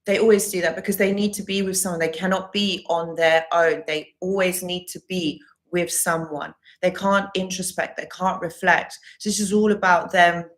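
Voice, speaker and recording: A woman's voice: on the low side, fairly even intonation, normal speed, hardly any pauses. A woman recovery coach hosting a live Q&A stream, reading viewer comments aloud and answering with earnest, reassuring advice that she often repeats.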